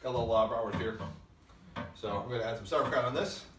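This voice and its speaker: A man's voice: mid-range voice, fast talker, fairly bright tone. Wry man in an echoey room. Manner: wry, self-mocking, laughs while chewing. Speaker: game developer eating sauerkraut for backers. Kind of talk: casual chat. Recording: echoey room from far off, faint noise.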